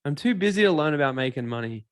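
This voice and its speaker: A man's voice: on the high side, lively intonation, quick pace, natural voice. A man doing a whiny always-too-busy excuse maker.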